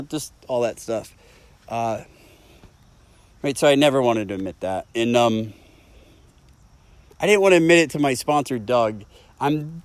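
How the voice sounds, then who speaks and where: A man's voice: mid-range voice, clean tone, dry recording. A man in his thirties opens up at a recovery meeting, his voice candid and emotional, with frequent swearing. The sound is dry and close, with hardly any room around it. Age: 30s. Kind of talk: personal recovery share.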